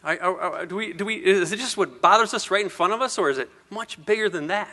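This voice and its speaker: A middle-aged man speaks to an audience, earnest and personal, stumbling over repeated words as he builds toward his point. His tone is bright and ringing, pitched a little high for a man, and he leans on rhetorical questions. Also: fast. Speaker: motivational speaker. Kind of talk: personal story speech to an audience.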